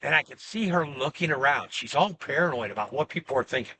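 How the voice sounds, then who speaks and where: A man tells a long personal story in a loose, rambling way, doubling back and restarting his sentences. His voice is bright and sharp, sitting a little high for a man. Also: fast, a little hiss or hum. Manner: rambling, animated retelling with restarts. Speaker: self-styled religious teacher. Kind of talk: casual storytelling monologue.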